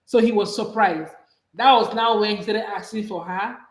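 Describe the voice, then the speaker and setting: Woman, film review co-host, casual storytelling, medium pitch, roomy echo. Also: normal speed. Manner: conversational storytelling with fillers. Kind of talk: casual chat. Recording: echoey room.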